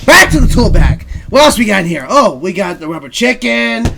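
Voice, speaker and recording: Gravelly high-pitched taunting man. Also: sing-song, fairly quick, noisy background. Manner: taunting, rummaging aloud through a bag. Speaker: podcast co-host. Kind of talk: improvised comedy bit.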